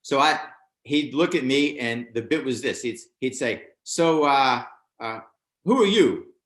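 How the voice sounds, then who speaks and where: Relaxed and unhurried, an older American comedian shares a story from his early stand-up years as an interview guest. He delivers it with animation, raising his voice sharply to play other people's lines, all in a room with noticeable echo.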